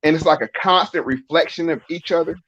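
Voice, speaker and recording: A middle-aged man talks through his ideas in a casual podcast chat, pressing his points with rhetorical questions. His voice sits a little high for a man. The recording sounds dull and lo-fi. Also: fairly quick. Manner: animated, emphatic explaining with rhetorical questions. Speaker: podcast guest.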